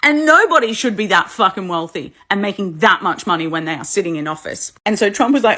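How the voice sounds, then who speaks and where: A woman's voice: mid-range voice, very animated, fairly quick, hardly any pauses, sharp tone. An Australian woman giving blunt, profane, scornful reaction commentary. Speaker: online commentator.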